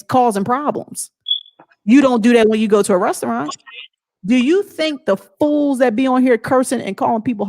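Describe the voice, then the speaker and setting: A woman vlogger giving a blunt, emphatic motivational talk in a casual way. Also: a little high.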